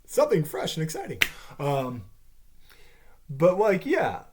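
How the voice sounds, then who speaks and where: A man's voice: a little high, huge pitch swings, measured pace, background noise. A caffeinated man ranting through a profane TV series review, swearing heavily and sounding exasperated. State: caffeinated, wired.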